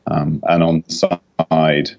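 A British man speaks in a very low voice, steady and explanatory with plenty of fillers. He sounds like a doctor guest on a podcast. His audio is dull and lo-fi, as over a remote line. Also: takes it slowly, creaky. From United Kingdom. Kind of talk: podcast interview.

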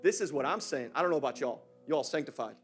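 A man preaching an energetic sermon in a church, using casual slang and calling out to the congregation. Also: on the high side, fast talker, music in the background.

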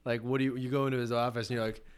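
Mid-range and level in tone, this man's clear, resonant voice races along. As a co-host on a laid-back sports podcast, he curses openly, rants, and performs mock dialogue.

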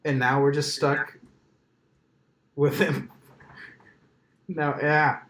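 Joking, rambling podcast host in an echoey room. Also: male voice, fairly high pitch, little pitch movement, very slow, a bit bright. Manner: profane, joking, rambling with many "like"s. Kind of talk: casual podcast chat.

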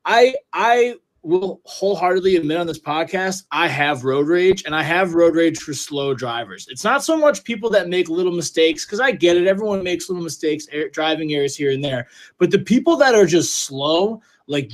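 A man in his twenties hosting a podcast, chatting casually and telling animated stories full of quoted voices. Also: a little high, moderate pace. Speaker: podcast host.

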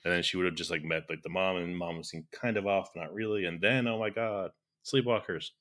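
A man with a very deep voice and a bright, forceful tone talks about a horror film. He speaks quickly and keeps breaking into laughter. His talk is loose and full of "like". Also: steady tone. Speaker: podcast co-host. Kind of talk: casual film discussion.

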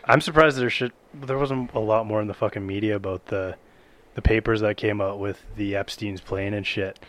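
A man's voice: lowish voice, fairly even intonation, moderate pace, fairly bright tone. Blunt, crude-joking young man. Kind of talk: casual chat. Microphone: podcast mic.

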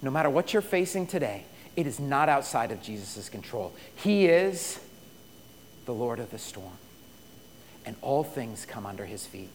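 A man preaching a sermon, telling stories and swinging from loud bursts to hushed, quiet passages. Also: medium pitch, very animated, normal speed, big-room sound, slight background noise. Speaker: pastor.

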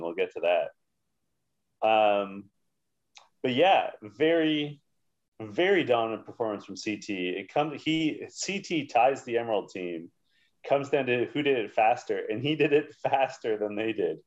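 A man co-hosting a podcast in casual chat, recapping quickly and making dry jokes. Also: mid-range voice, lively intonation. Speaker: podcast co-host. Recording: dull lo-fi audio.

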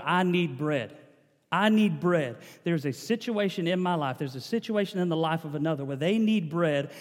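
A man's voice: a little high, a little mellow, big-room sound. A man preaching a sermon as a pastor, building intensity with repeated phrases.

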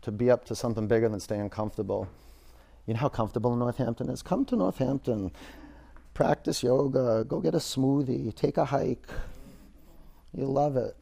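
A man teaching a yoga class in a studio, giving relaxed cues and talking loosely with fillers. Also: mid-range voice, moderate pace, creaky.

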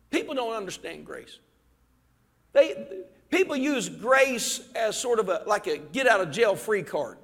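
A man preaching a fervent sermon as pastor, swinging between shouted peaks and quiet, low asides. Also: sing-song, measured pace, creaky. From Ohio. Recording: reverberant church hall.

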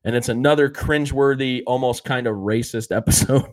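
A man's voice: mid-range voice, steady tone, brisk, darkish tone. Male co-host, casual recap chat, acts out quotes, loose and rambling. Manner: rambling storyteller, acts out quotes, many fillers. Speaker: podcast co-host.

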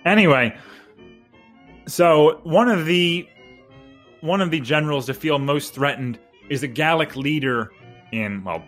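A man's voice: fairly high pitch, measured pace, long pauses, fairly bright tone, faint music behind. Joking man telling history on a podcast. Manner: joking, rambling storyteller. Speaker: podcast co-host. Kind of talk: casual history podcast chat.

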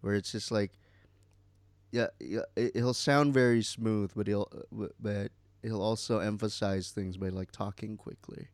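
A man's voice: fairly low pitch, fairly even intonation, measured pace, no room sound. A man co-hosting a podcast in casual chat, rambling with many fillers and some swearing. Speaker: podcast co-host.

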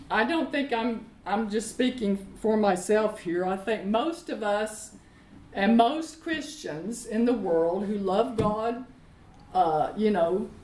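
Slow, deliberate woman preaching. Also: medium pitch, a little mellow. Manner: slow, deliberate, repeats key phrases; leads call-and-response with congregation. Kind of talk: sermon with Bible reading. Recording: echoey room.

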